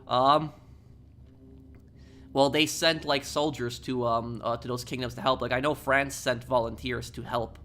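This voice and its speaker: A male streamer chatting casually with his viewers, his voice sitting at an ordinary middle pitch. He reads their messages aloud and answers with frequent ums and false starts, while a faint hum of ambience stays behind him. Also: steady tone, unhurried, fairly bright tone. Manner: rambling and hesitant, with frequent ums and restarts. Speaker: game streamer.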